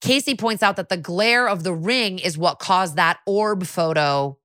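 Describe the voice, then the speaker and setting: A woman's voice: lowish voice, a little slow, fairly bright tone, dry recording, clean studio sound. A woman co-hosting a podcast, recapping in a casual, chatty way, full of "like" and the odd swear word. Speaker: podcast co-host.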